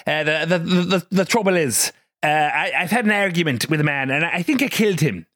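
A man's voice: on the high side, a little fast, fairly bright tone, dry recording, studio quality, voice pushed up, natural voice. A man putting on a Southern Irish accent to play a man confessing a killing to a priest. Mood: confessional. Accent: Southern Irish, put on.

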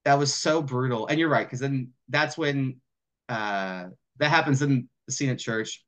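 A man co-hosting a casual podcast, retelling film scenes in a loose, animated way, full of "like" and casual swearing. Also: mid-range voice, measured pace. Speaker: podcast co-host. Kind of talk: casual film discussion chat.

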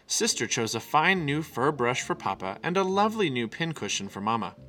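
A man reads a children's picture book aloud with lively, swooping expression. His tone is bright and clear, with soft music playing faintly underneath. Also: mid-range voice. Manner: animated, expressive. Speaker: storyteller.

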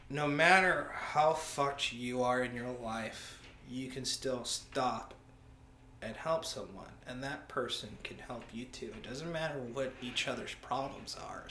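A military veteran being interviewed, telling stories in a blunt, animated way and swearing freely. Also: male voice, medium pitch, unhurried. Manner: blunt, profane, animated storyteller. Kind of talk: casual conversational storytelling. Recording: roomy echo, faint ambient noise.

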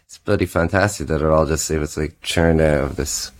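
A man, a singer-songwriter guest, chatting casually on a podcast in a rambling, animated way. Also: rumbling low, a little fast. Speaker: guest musician. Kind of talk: casual chat.

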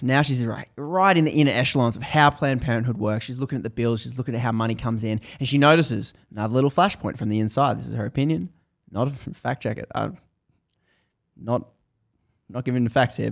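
A man's voice: mid-range voice, fast talker, creaky. A man casually retelling a story to a co-host, chatty and full of fillers.

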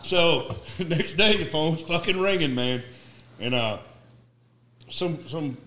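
A man's voice: fairly high pitch, slow pace, roomy sound, slight background noise. A man who served as a Marine gunnery sergeant, telling war stories in casual chat, swearing and acting out the quotes. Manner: profane, animated storyteller acting out quotes.

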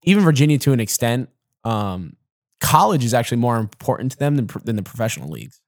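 Man, casual podcast chat, retells scenes, quotes lines, mid pitch, dry close sound. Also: very animated, quick pace, dry recording. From Rhode Island. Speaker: podcast co-host. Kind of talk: casual movie discussion.

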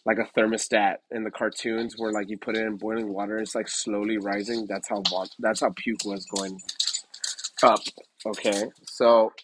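A man's voice: on the low side, little pitch movement, moderate pace, a little hiss or hum, rough recording. A young man casually telling a story for his podcast, rambling with lots of fillers, restarts and swearing. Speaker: podcast host.

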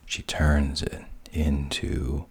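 A man retelling a fairy tale as a hushed, breathy whispered role-play. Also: a bass voice, completely flat delivery, very slow. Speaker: storyteller.

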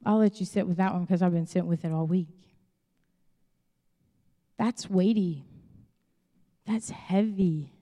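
A woman's voice: lowish voice, unhurried, pauses often, dark tone. A young woman pastor with a Chicago accent, preaching a sermon in a candid, conversational way and acting out her own asides. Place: church auditorium. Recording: long hall reverb.

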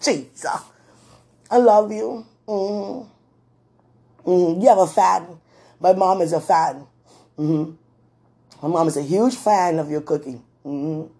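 A woman in a casual talk to camera, laughing often, with loose slangy speech and warm words to a loved one. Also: on the low side, slow pace, pauses often. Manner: affectionate, addresses a loved one.

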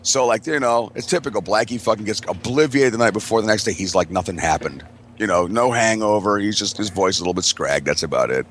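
A man's voice: fairly low pitch, fast talker, fairly bright tone, slight background noise. A man telling a rambling, profane story in casual chat as a podcast host, laughing as he goes.

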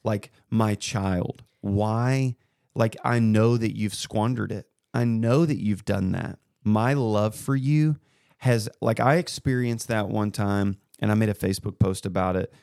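A man in his thirties co-hosting a casual faith chat, retelling a conversation as a story with animated bursts. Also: fairly low pitch, measured pace, vocal fry, no room sound, studio quality. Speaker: podcast co-host.

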